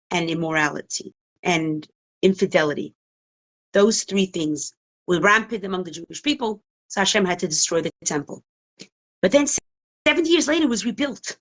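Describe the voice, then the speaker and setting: A woman teaching a Torah class, telling a story dramatically and expressively. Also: medium pitch. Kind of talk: storytelling lesson.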